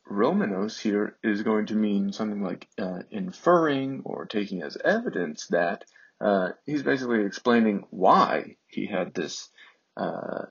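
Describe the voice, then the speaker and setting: Slow gravelly man teaching. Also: fairly low pitch, muffled recording. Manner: unhurried, frequent fillers. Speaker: Greek teacher. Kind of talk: slow explanatory lesson.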